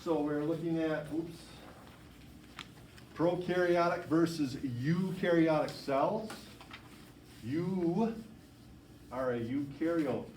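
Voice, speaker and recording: A man teaching a biology class, explaining handouts in a quick, informal way and often correcting himself. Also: fairly high pitch, a little mellow, a little hiss or hum. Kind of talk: classroom instruction. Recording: echoey classroom, far from mic.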